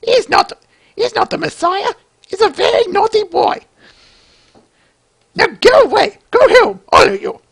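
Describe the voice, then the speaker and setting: Sex of performer: man. Figure: a man doing a shrill scolding mother. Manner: comic, shrieking falsetto. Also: big pitch swings, measured pace, vocal fry, pauses often, a bit bright, heavily acted. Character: shrill scolding mother, comedy-sketch style.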